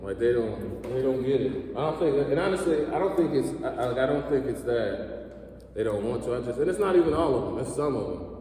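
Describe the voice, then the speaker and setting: A man in his thirties doing a stand-up comedy set, telling sarcastic, profane stories and jumping his pitch up when he acts out what he said. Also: lively intonation, dark tone, a little hiss or hum. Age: 30s. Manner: profane, sarcastic storytelling with quick pitch jumps. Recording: echoey hall, mic far off.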